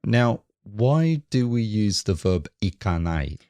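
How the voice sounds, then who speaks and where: A man's voice: lowish voice, big pitch swings, takes it slowly, dark tone, clear, resonant tone, no echo. A man co-hosting a Japanese lesson podcast, asking questions and repeating phrases after the teacher. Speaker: co-host learning Japanese.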